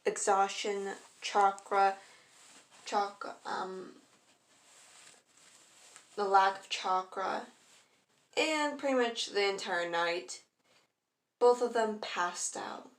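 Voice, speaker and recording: A woman's voice: mid-range voice, slow, pauses often. A woman narrating a fan story casually, stumbling, restarting and apologizing to listeners. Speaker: fan fiction reader. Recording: echoey room.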